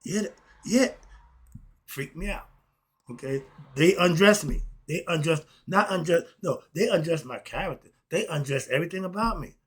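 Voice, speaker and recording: A man's voice: on the high side, lively intonation, moderate pace, slightly rough. A man, delivering an emphatic, casual monologue full of rhetorical questions and short laughs. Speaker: philosophy vlogger.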